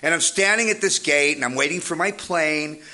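A recovery speaker with a fairly high voice gives a humorous motivational talk at normal speed. He tells his stories energetically and jokes throughout.

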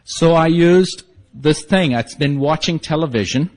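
A man's voice: on the high side, a little slow. A man sharing his own story with a group, wry and self-mocking, acting out the lines of the people in it. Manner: acts out quoted dialogue. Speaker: speaker sharing his story at a support meeting.

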